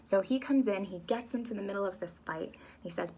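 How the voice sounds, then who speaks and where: A woman's voice: fairly low pitch, normal speed, a little mellow, breathy edge. A woman teacher explaining a play scene by scene in a casual, chatty way.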